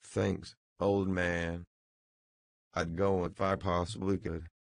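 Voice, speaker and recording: A man reading the lines of a chatty, offhand acquaintance, in his own low, gravelly voice. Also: flat delivery, slow, no room sound, heavily acted. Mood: casual.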